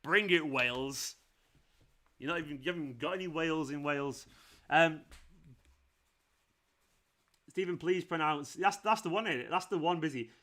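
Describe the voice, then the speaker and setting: A man's voice: a little high, brisk, bright, forceful tone. A young man hosting a football watchalong stream, chatting casually, teasing and laughing often. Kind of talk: casual live-stream chat and commentary.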